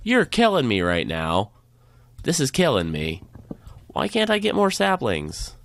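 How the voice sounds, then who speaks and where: A man's voice: mid-range voice, wildly swooping pitch, a little slow, gravelly, fairly bright tone. A man hosting a let's play, chatting and cheering or groaning at the game as he plays. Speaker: gaming channel host.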